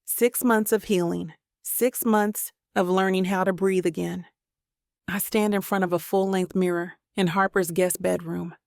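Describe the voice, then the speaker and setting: Woman reading a romance audiobook, flat steady delivery, dry close sound. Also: medium pitch, gravelly, no room sound. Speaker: audiobook narrator. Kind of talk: first-person romance audiobook narration.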